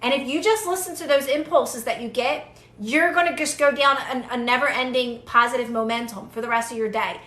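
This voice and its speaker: A woman's voice: a little high, brisk, a bit bright, reverberant. A young woman giving casual, earnest manifestation advice to viewers on a live stream, repeating phrases for emphasis.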